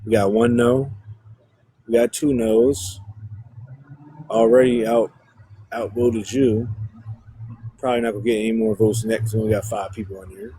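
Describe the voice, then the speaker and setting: A man's voice: on the low side, fairly even intonation, moderate pace, pauses often, mellow, breathy edge, dry recording, poor audio. Blunt, profane man chatting. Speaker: livestreamer. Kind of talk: casual chat to viewers.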